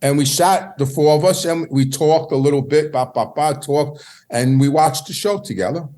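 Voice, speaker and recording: A man's voice: on the high side, normal speed, warm tone. A middle-aged man telling stories from his past in a casual, meandering way, often restarting his sentences. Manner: meandering, repeats words and restarts. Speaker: podcast guest. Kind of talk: casual storytelling.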